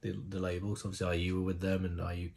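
A man hosting a music video reaction, talking in a rambling, effusive way with sudden excited exclamations. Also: low-pitched, very fast, creaky, husky. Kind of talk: casual reaction commentary.

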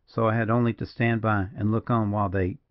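A man voicing a grave frontier partisan major who speaks slowly and mournfully, in a dull, dry recording. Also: fairly low pitch, level tone, no room sound, lightly acted. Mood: grim. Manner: slow, mournful, measured.

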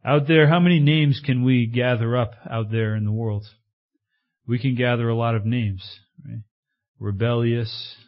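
A male pastor preaching in a casual, conversational way, often tagging his points with a question and pausing on fillers. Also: mid-range voice, dull audio. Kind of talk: sermon.

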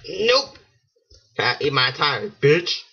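Male gamer host, excitable and foul-mouthed, husky, dull lo-fi mic with mouse clicks. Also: medium pitch, slow pace. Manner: excitable, swearing, laughing at himself. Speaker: gaming channel host. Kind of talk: casual let's-play commentary.

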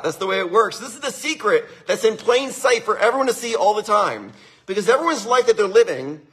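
Upbeat high-voiced man hosting a livestream. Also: slightly rough. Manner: energetic, laughs often, greets viewers by name. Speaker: winery livestream host. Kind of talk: upbeat motivational livestream talk.

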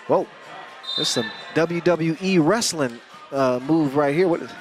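A man calling a basketball game live, joking and energetic, getting louder on big plays. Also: on the high side, unhurried. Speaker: play-by-play commentator. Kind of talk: live sports commentary. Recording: crowd and music under the commentary. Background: arena crowd and music.

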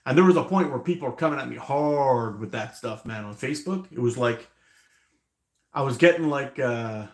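A man's voice: mid-range voice, moderate pace. Rambling man chatting in an echoey room. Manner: rambling, laughs often, swears freely. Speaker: live-stream host. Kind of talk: casual live-stream chat.

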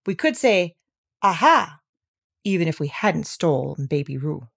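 A woman voicing a simple, humble male bear who speaks slowly and earnestly. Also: deep voice, very animated, vocal fry, slightly rough, full character voice.

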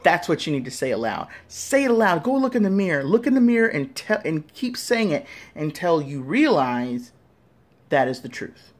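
A man's voice: on the high side, sing-song, normal speed. A man giving an angry, profane rant straight to camera, scolding listeners and repeating himself. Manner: profane, heated, repetitive, scolding. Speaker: vlogger.

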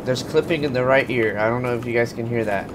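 A man talks through a horror game live, jumping at every scare and swearing freely as he wonders aloud what is going on. His voice sits at an ordinary middle pitch. Clear noise runs under everything he says. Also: fast. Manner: jumpy, swears a lot, thinks out loud. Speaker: gaming channel host.

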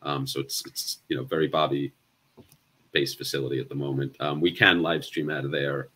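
Very deep husky man, halting. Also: level tone, pushed and bright. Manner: halting, many ums and restarts. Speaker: guest. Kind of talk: casual chat.

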